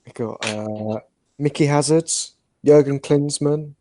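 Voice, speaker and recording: A man joining a casual podcast chat with quick wisecracks. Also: fairly high pitch, warm tone. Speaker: podcast panelist.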